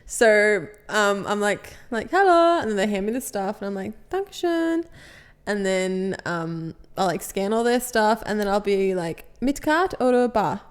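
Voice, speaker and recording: A woman's voice: mid-range voice, moderate pace, hardly any pauses, clean tone. A woman co-hosting a podcast who works a shop till, chatting casually and acting out customer exchanges with self-deprecating laughter. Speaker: podcast co-host; cashier. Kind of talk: casual chat.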